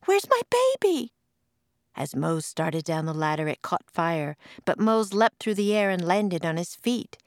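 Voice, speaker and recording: A woman reads a storybook aloud, her voice sitting a little low. She is expressive and lively, and the recording is dry and close with no room sound. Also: a little slow, hardly any pauses, no echo. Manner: expressive, puts on voices for quoted lines. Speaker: author and narrator.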